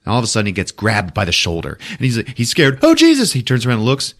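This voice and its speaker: A man hosting a podcast, retelling a movie in a profane, animated way. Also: fairly low pitch, fast talker. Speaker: podcast host. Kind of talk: casual movie recap. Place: podcast studio.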